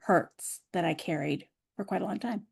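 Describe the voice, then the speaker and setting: Gravelly-voiced woman sharing openly. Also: fairly low pitch, normal speed. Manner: open and reflective, sharing personal experience. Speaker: podcast co-host. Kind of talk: reflective personal chat.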